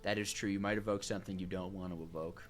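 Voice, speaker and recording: A man's voice: low-pitched, fairly even intonation, fast, faint music behind. A young man casually chatting and joking with viewers while streaming a video game, rambling between tasks. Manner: joking, rambling, answers chat. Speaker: gaming streamer. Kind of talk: casual let's-play chat with viewers.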